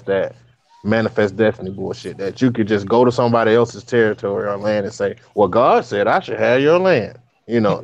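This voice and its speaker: A man's voice: fairly low pitch, a little mellow. A man co-hosting a casual podcast chat, telling stories bluntly and with plenty of profanity. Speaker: podcast co-host. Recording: dull lo-fi sound.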